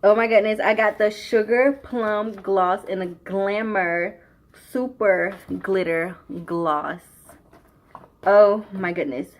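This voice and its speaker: A young woman, gushing excitedly through a beauty unboxing vlog and repeating "y'all" and "oh my God". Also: mid-range voice, slow. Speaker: beauty vlogger.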